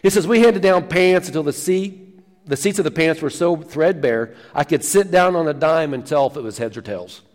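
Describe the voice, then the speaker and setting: Folksy preacher, higher man's voice. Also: normal speed, big-room sound. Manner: folksy storytelling, tells jokes. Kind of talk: sermon. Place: church sanctuary.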